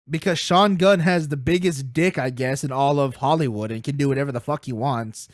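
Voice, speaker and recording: A man co-hosting a casual wrestling podcast, telling stories excitedly, swearing freely and laughing as he goes. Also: a little high, no echo, studio quality. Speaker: podcast co-host.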